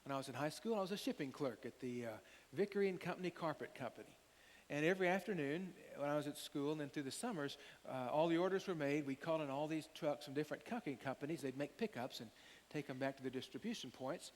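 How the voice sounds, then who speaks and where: An older man preaching a sermon as pastor, an animated storyteller who acts out the quotes. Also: a little high, quick pace. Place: church sanctuary. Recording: long hall reverb, faint hiss.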